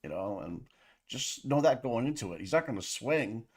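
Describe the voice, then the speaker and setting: A man's voice: mid-range voice, lively intonation, moderate pace, darkish tone, husky. A man co-hosting a livestream in casual, profane, rambling chat with his viewers. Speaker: livestream co-host.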